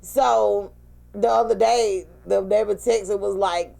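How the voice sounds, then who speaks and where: A woman, co-hosting a casual chat and telling lively, animated stories. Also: medium pitch, slow, creaky. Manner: animated storytelling, acts out quotes. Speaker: co-host.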